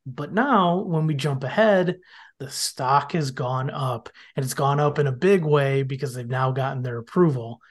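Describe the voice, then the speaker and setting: A man on a podcast, retelling the plot in a casual, animated way and often slipping into characters' lines. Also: medium pitch, moderate pace. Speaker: podcast guest. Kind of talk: casual podcast episode recap.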